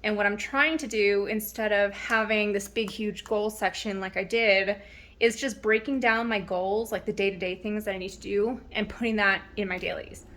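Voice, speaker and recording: With a medium-pitched, steady, slightly bright voice at a moderate pace, a woman in her thirties vlogs from home about her planner. She's a bit out of breath and rambles somewhat, using ums and restarting sentences.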